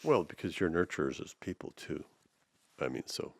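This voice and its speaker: Deep gravelly man, dry close sound. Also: sing-song, normal speed, no echo. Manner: supportive, brief affirmations and musing asides. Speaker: podcast co-host. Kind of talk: casual chat.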